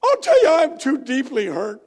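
A man voicing a whiny bank that holds a grudge, in a high strained falsetto. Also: wildly swooping pitch, normal speed, exaggerated voice. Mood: mock-hurt.

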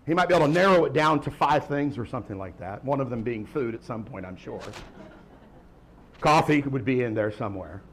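A man preaching a sermon in church, swinging from emphatic calls to quiet, joking asides. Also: medium pitch, animated, fairly quick, husky. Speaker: pastor.

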